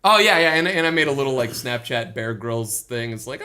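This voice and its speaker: A man's voice: medium pitch, a little fast, hardly any pauses, smooth. Guy on a podcast telling a story, voice jumps all over, acts out quotes. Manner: animated storyteller acting out quotes. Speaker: podcast co-host. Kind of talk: casual podcast chat.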